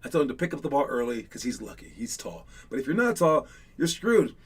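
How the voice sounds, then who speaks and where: A man running a casual live online basketball coaching session, chatty and rambling with lots of fillers, teasing and excitable. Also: medium pitch, a little fast, husky.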